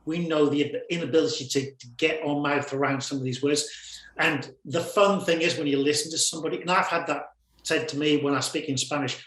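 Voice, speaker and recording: A man's voice: fairly high pitch, steady tone, brisk, a bit bright. A man from the UK with a British accent, a guest talking animatedly and often repeating words as he thinks. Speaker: guest videographer. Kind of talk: casual conversation. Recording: echoey room.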